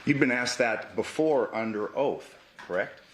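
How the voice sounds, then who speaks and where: A man's voice: mid-range voice, unhurried, fairly bright tone, a little hiss or hum. Man cross-examining a witness in court. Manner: pressing, repeats "correct?" to pin down answers. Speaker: defense attorney.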